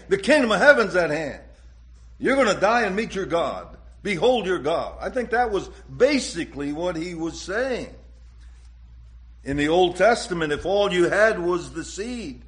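A man preaching a sermon, slow and deliberate, with dramatic rises and drops in pitch and loudness. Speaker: pastor.

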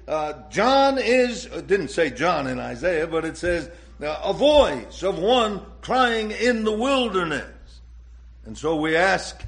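A pastor delivers a sermon slowly and deliberately, his pitch and loudness rising and dropping dramatically.

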